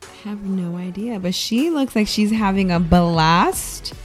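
A young woman from California co-hosting a casual morning radio chat, teasing and quick. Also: medium pitch, lively intonation, soft background music. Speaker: radio co-host.

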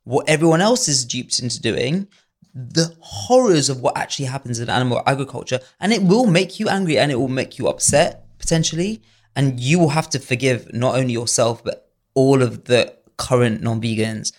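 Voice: mid-range voice, lively intonation, normal speed. A guest on a podcast, speaking earnestly and emphatically in a conversational interview.

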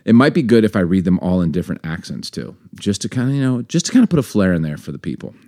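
A man co-hosting a casual podcast chat, animated and jokey, full of quick asides. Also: low-pitched. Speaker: podcast co-host.

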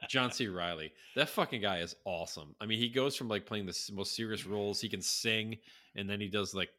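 A man's voice: fairly low pitch, fairly quick, pushed and bright. A man co-hosting a casual chat, telling stories with plenty of swearing and laughter. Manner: profane, laughing storyteller. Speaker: podcast co-host.

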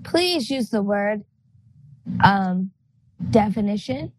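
A young woman playing a spelling game in casual chat, teasing and loud. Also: medium pitch, lively intonation, takes it slowly.

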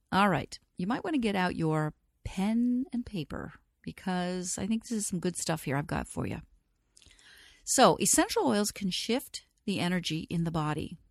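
Soft-spoken lady teaching aromatherapy, lowish voice, dry close sound. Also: no echo. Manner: gentle, reassuring, addresses listener directly. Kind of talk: reflective teaching talk.

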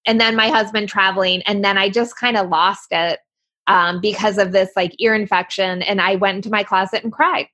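A woman guest on a podcast, telling candid stories in an animated way, laughing and swearing freely. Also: medium pitch, a little fast. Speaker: guest life coach. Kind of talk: casual podcast conversation.

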